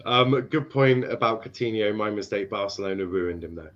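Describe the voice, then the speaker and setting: A man's voice: on the low side, normal speed, fairly bright tone, a little hiss or hum. A man from Ireland hosting a casual football chat stream, teasing his guests and laughing often, with frequent fillers. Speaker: host. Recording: dull lo-fi stream audio.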